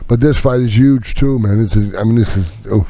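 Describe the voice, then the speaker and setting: Man, podcast host, gravelly voice, mellow tone, stammering excitable chat. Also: lowish voice, a little fast, no echo. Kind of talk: casual chat.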